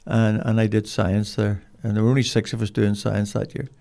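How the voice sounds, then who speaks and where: An older man with a Northern Irish accent, telling rambling, animated stories as an interview guest. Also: on the low side, a little fast, gravelly. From Northern Ireland. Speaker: guest, dog trainer. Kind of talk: casual storytelling.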